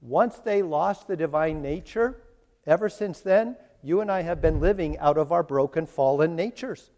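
Here the sermon comes from a man whose voice is a little high and a little mellow, moving at normal speed. He pleads earnestly with his audience, acting out God and Jesus in quoted lines, with long hall reverb on the recording.

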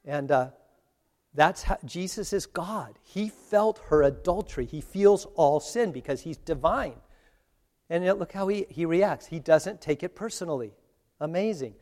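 A man giving a conversational sermon, slowing down for emphasis and laughing at his own asides. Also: fairly high pitch, animated, a little mellow. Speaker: preacher. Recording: long hall reverb.

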